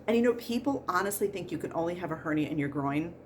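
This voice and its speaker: Woman, 40s, nurse-turn-podcaster; exasperated and laughing, lowish voice, faint hiss behind. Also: lively intonation, fast talker. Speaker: pre-surgery nurse and podcast host. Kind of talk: casual comedic monologue.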